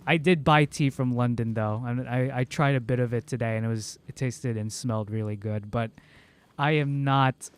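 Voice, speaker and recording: A man's voice: medium pitch, normal speed, smooth. A young American man rambling chattily through a casual livestream, laughing often. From United States. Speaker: streamer.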